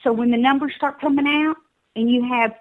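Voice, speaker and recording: A woman's voice: high-pitched, steady tone, a little fast, narrow, tinny audio. A woman with a Southern US accent calling in to a talk show. She urges listeners emphatically and often stumbles and repeats her words.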